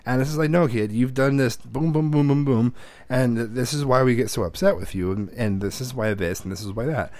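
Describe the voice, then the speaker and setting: A man chatting on a parenting podcast, joking and cursing freely as he tells animated stories about his kids. His voice sits in a middle register, recorded close and dry with no room sound. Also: medium pitch, a little fast, no echo. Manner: profane, joking, animated storytelling. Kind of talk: casual chat.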